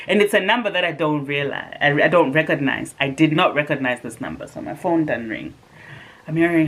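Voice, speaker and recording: A woman vlogging, telling a personal story in a casual, animated and sarcastic way with rhetorical asides. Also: sits low, fairly quick.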